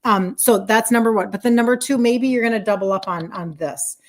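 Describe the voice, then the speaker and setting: A woman's voice: medium pitch, fairly quick. A woman in her sixties, a wellness coach chatting effusively with viewers on a live stream, rambling and laughing as she talks. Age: 60s. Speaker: wellness coach selling supplements.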